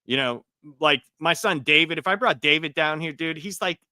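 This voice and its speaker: Profane, animated male storyteller, bright and dry. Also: a little high, moderate pace, no room sound. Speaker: podcast guest. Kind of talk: casual podcast chat.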